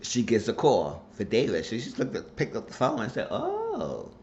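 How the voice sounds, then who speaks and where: Low-voiced man recapping a TV episode. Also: animated, brisk, a little mellow. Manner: rambling, colloquial retelling of scenes. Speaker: TV show recap reviewer. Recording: dull lo-fi recording with faint noise.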